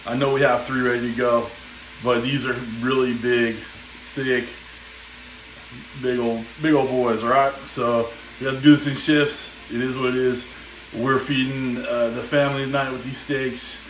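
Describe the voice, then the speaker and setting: A man's voice: mid-range voice, flat delivery, a little slow, slight background noise. A man hosting a casual cooking demo, easygoing and chatty, saying "all right" often while he grills. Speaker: cooking channel host. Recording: roomy echo.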